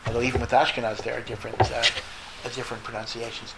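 A man, a rabbi answering a question in an informal talk, thoughtful and lively, mixing in Hebrew and Yiddish terms. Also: mid-range voice, rapid-fire, gravelly, heavy background noise.

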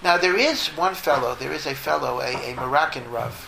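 A man, a rabbi answering a question in an informal talk, thoughtful and lively, mixing in Hebrew and Yiddish terms. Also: fairly high pitch, brisk, vocal fry, noisy background.

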